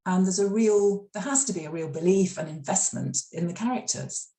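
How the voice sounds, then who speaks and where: A woman's voice: lowish voice, fairly quick, dark tone. A middle-aged woman from the UK, an author telling stories in a library interview, chatty, with lots of fillers and restarts. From United Kingdom. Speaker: author and former radio drama scriptwriter. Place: library event room. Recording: echoey room.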